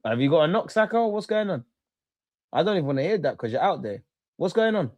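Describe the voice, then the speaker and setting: A man hosting a live football watchalong, reacting excitedly, swearing and talking to his chat and the players. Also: on the high side, fast talker, no room sound, muffled recording.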